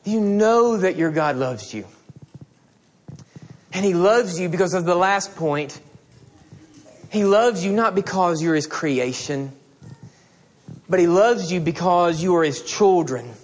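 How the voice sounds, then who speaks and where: A man's voice: high voice, expressive, takes it slowly, long pauses. A man preaching a sermon as a pastor, pleading and emphatic, repeating his appeals to the congregation. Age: adult with children and a wife.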